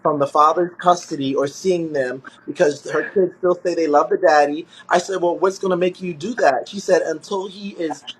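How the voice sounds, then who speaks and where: A man's voice: a little high, steady tone, normal speed, slight background noise. A man hosting a casual livestream, talking emphatically and bluntly to viewers and a guest. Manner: emphatic, blunt and profane, often addresses viewers. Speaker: livestream host.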